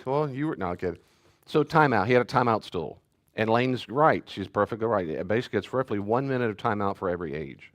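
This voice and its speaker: A man pastor giving a teaching talk and answering questions, telling family stories in an animated way. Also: on the low side, fairly quick. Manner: animated storyteller, acts out family scenes.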